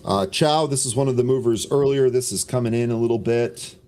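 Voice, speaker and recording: A man co-hosting a live trading show, calling stock moves and timestamps in a brisk, dry way with the odd sarcastic aside. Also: medium pitch, steady tone, darkish tone. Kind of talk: live market commentary.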